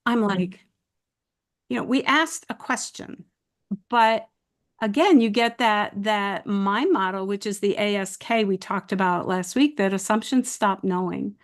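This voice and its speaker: An older woman hosting a video-call chat, telling a story slowly and deliberately, with frequent restarts. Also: mid-range voice. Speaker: host.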